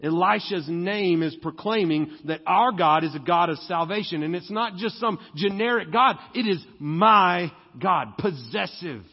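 High-voiced preacher in a reverberant hall. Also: male voice, slightly rough. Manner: conversational preaching, slows and stresses key words. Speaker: pastor. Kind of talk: sermon. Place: church sanctuary. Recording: dull sound with long hall reverb.

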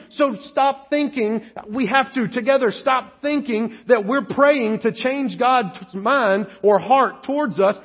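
A pastor delivers a sermon in a high, breathy voice, bringing his stories to life with animated character voices. The recording sounds a little dull and lo-fi. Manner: animated storytelling, acting out quoted voices.

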